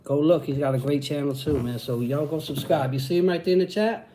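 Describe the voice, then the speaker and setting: A slightly high, slightly fast voice with a dark tone comes from a Brooklyn man hosting his channel's livestream, with slight background noise. He answers chat in hyped, profane, New York-accented street talk and keeps repeating "you know what I'm saying."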